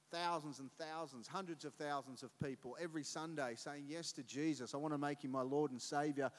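A middle-aged man preaching a sermon as a pastor, telling stories in an animated way and acting out voices. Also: a little high. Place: church auditorium. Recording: long reverb of a church hall.

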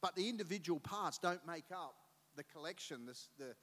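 A middle-aged man preaching a sermon as a pastor, telling stories in an animated way and acting out voices. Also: on the high side, moderate pace. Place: church auditorium. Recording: long reverb of a church hall.

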